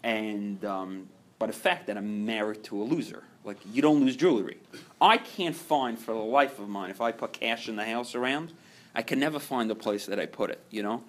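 Passionate low-voiced man giving testimony. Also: normal speed. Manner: passionate, swings between hushed and loud; acts out inner voices, many fillers. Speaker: speaker leading a recovery group meeting. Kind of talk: personal testimony.

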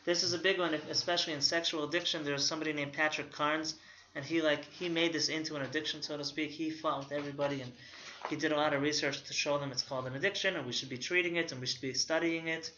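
A man's voice: fairly high pitch, steady tone, fast, pushed and bright. A man who works as a therapist gives an informal recovery lecture from slides, stopping after nearly every point to ask "okay?" and drawing on personal examples. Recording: roomy, dull lo-fi audio.

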